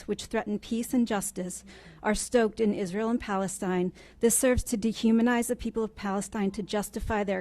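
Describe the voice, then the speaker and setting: Woman, mid pitch, measured, prepared public comment. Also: a little mellow.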